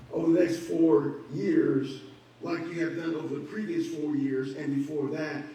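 A man's voice: on the high side, a little mellow. A man preaching a sermon as pastor, building emphasis and acting out conversations. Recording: very echoey hall, mic far off, faint hum.

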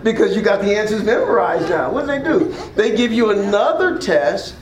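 A man's voice: high-pitched, big pitch swings, moderate pace, echoey room, rough recording. A man preaching an interactive sermon as pastor, asking the congregation questions and drawing call-and-response. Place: church hall.

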